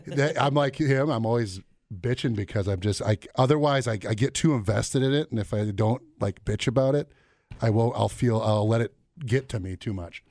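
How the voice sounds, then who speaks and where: A male morning-show host on a studio mic, talking in an animated, storytelling way. He laughs often and slips into quick impressions. His mid-pitched voice sounds close and dry, with no room echo. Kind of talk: casual radio banter.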